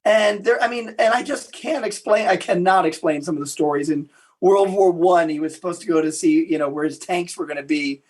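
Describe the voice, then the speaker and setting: A man being interviewed as a historian, telling lively anecdotes with frequent restarts. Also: high-pitched, a little fast. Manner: animated anecdotal storytelling with repeated restarts. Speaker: guest historian. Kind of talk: storytelling interview answers.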